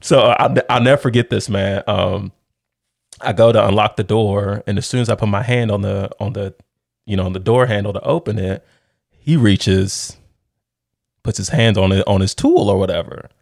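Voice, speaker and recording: Middle-aged male storyteller, low gravelly voice, animated casual delivery, dry close recording. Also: moderate pace, dry recording. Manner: animated, laughs often, says "dude".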